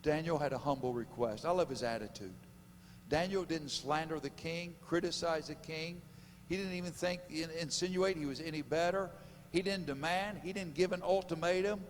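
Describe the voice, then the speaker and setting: A man's voice: on the high side, brisk. A man preaching a sermon at a men's conference in a church, joking, laughing at his own stories and quizzing the crowd. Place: church sanctuary. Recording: long hall reverb with faint hum.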